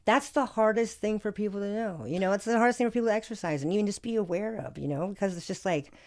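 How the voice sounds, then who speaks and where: A woman's voice: mid-range voice, quick pace. A woman from Alaska, a podcast guest telling her story in casual conversation. She talks animatedly, swears freely and keeps saying "like" and "you know what I mean".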